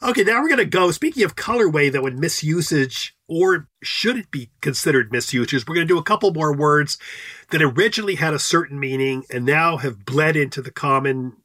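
A man hosting a casual talk show, leading the segments with quick jokes. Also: a little high, expressive, bright, forceful tone, no echo, clean studio sound. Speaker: podcast host. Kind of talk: casual chat.

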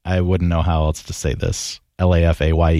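A man's voice: sits low, little pitch movement, a little fast, gravelly, warm tone. A man co-hosting a casual chat, playfully sounding out words and laughing often. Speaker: podcast co-host.

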